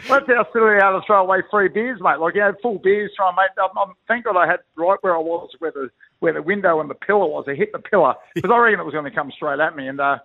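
A middle-aged Australian man with a gravelly, rough-edged voice tells yarns at a quick clip. He rambles in a colloquial, blokey way. He is heard over a thin, tinny phone line. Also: high-pitched. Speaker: retired rugby league player, guest. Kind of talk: phone interview, storytelling.

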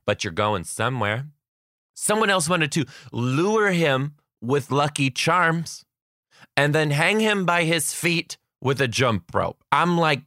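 A young adult man, a teacher, telling comic stories about his class in a sarcastic, animated way, acting out the kids. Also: mid-range voice, slow, no echo, clean studio sound. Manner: animated, sarcastic, acts out kids' voices. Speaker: kindergarten teacher. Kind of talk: comedic storytelling.

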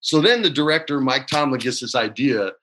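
A man in his forties, a guest telling animated, slangy stories with laughter over a video call from his home. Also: medium pitch, a little fast. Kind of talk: casual storytelling interview.

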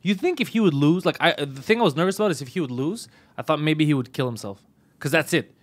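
A man's voice: on the high side, expressive, quick pace. A man joking through a casual podcast chat, slipping into exaggerated voices. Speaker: podcast host.

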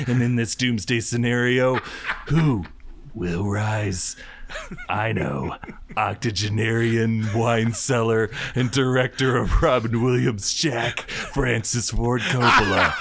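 A man delivers a parody movie-trailer narration with a bright, forceful edge, piling on rants and laughs. The voice sits in an ordinary male middle range and stays punchy throughout. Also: medium pitch, takes it slowly. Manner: over-the-top trailer voice, ranting and laughing. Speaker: podcast guest.

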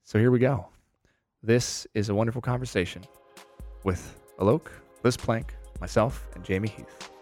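A man's voice: lowish voice, normal speed, darkish tone, faint music behind. A man hosting a podcast, talking in an earnest, effusive and self-reflective way. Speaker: podcast host.

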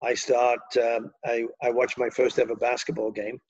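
Older Liverpool man, flat rambling storyteller. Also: medium pitch, moderate pace, dull audio, slight background noise. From England. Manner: rambling, anecdotal, many fillers and restarts. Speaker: guest. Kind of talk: storytelling interview.

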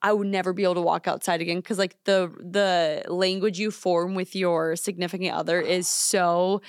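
A woman's voice: fairly low pitch, fairly even intonation, normal speed, dry recording, clean studio sound. A young woman co-hosting a podcast, chatting casually and giggling, with lots of "like" fillers. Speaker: podcast co-host. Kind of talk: casual chat. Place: studio.

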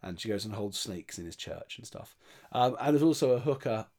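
A man's voice: lowish voice, lively intonation, brisk, darkish tone. A man chatting casually, retelling a film's plot with many restarts and quoted lines. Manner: chatty, rambling, with frequent restarts and voiced quotes. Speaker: podcast film reviewer.

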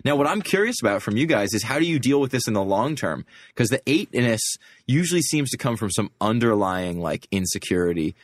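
A man's voice: mid-range voice, very animated, fairly quick, dry recording. A man hosting a podcast in casual chat, explaining ideas and steering the topic. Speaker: podcast host.

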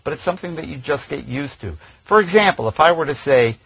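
Brief: male voiceover coach, husky tone, dry close recording, measured teaching. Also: on the high side, animated, fairly bright tone, no echo, rough recording. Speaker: voiceover trainer. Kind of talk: instructional talk.

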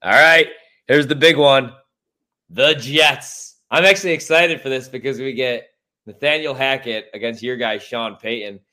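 Hosting a laid-back sports talk show, a man from Chicago swears freely and airs strong opinions, sounding profane, animated, and opinionated. He is a sports radio host with a medium-pitched voice at normal speed.

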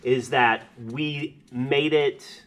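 A man from the American South, a podcast regular, telling stories quickly and correcting himself as he goes. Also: mid-range voice, fairly even intonation, fairly bright tone. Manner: fast storytelling, self-correcting. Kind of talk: casual chat.

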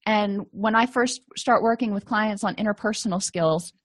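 This woman lectures to clinicians, teaching therapy skills in a conversational manner and frequently performing brief example dialogues. Her voice sits at medium pitch and moves at a normal speed.

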